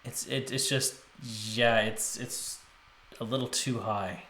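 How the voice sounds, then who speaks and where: Casual male streamer, slow unhurried delivery, roomy sound with instrument playback behind. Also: medium pitch, fairly even intonation, over loud music. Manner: thinking aloud with frequent restarts, chatting to viewers. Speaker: streamer arranging music. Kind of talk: casual live-stream commentary. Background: musical instrument playback.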